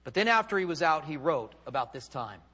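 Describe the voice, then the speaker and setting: Fervent preacher in a reverberant hall. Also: male voice, a little high, very animated, a little fast, husky. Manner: dramatic, swings from loud fervor to hushed tones. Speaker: pastor. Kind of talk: sermon.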